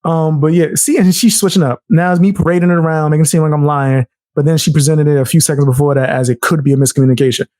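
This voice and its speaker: Young NY-accent man, blunt and heated live commentary, higher voice, dry close sound. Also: steady tone, fast, few pauses, dark tone, dry recording. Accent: New York. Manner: blunt, heated, laughs often, swears. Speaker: streamer reacting to clips. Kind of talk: casual live-stream commentary.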